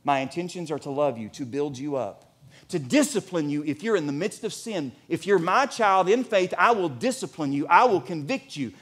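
A pastor in his forties preaching a sermon in a church, animated and at times nearly shouting. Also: a little high, normal speed, slightly rough.

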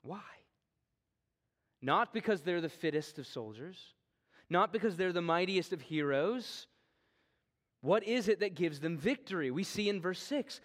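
A man preaching an expository sermon in an earnest way, his voice often sinking low and quiet at the ends of phrases. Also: lively intonation, a little slow.

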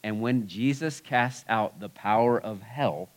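A man preaching a sermon to a live audience in a relaxed, conversational way, swinging between loud and hushed. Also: fairly low pitch, measured pace, low-quality recording.

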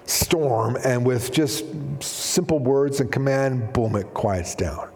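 Male pastor, chatty and animated sermon delivery, mid-pitched voice, church hall reverb. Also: slow. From Canada. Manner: animated, conversational preaching with acted-out quotes.

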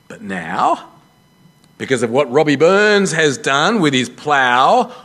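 A man preaching a sermon as a pastor, telling a story with lively self-deprecating humour. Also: on the high side, takes it slowly, vocal fry.

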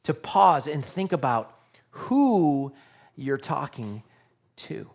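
A man's voice: mid-range voice, very animated, slow, gravelly, a little mellow. A man preaching a sermon to his congregation in an earnest, conversational way, often asking rhetorical questions. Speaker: pastor.

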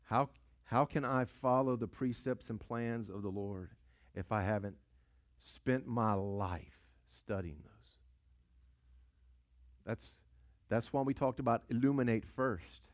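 Slow and medium-pitched, a male pastor preaches a sermon in narrative fashion. He repeats phrases, poses rhetorical questions and draws on call-and-response.

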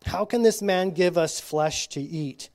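Fairly high-voiced man teaching scripture. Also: a little mellow. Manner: slow reading broken by casual asides and frequent "okay?". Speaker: Bible study teacher. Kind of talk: reading scripture with commentary.

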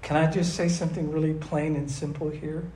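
A man preaching a sermon, emphatic, reading scripture slowly and asking his listeners questions. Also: a little high, flat delivery, dark tone, reverberant, slight background noise, poor audio. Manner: emphatic, asks the audience questions, reads verses slowly.

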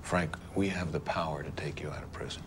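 A man's voice: rumbling low, fairly even intonation, brisk, noisy background. An actor playing a stern male federal agent making a formal offer in a film scene. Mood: formal, earnest. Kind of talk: film dialogue. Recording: film clip with background ambience.

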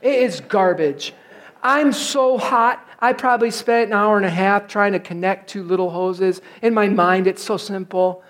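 A middle-aged male pastor preaching in church, telling a personal story in an animated, self-mocking way and acting out his frustration. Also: high-pitched, moderate pace, few pauses.

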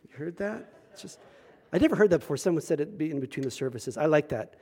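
A man preaching a sermon at a church service. He moves from loud, emphatic scripture reading to quiet, joking asides. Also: fairly high pitch, animated, quick pace, husky. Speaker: pastor.

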